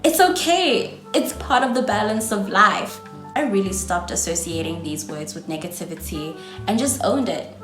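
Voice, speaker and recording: A South African vlogger in her twenties gives chatty, encouraging advice to camera, calling viewers "darling." Her medium-pitched voice has lively intonation and a moderate pace, in a reverberant space with background music.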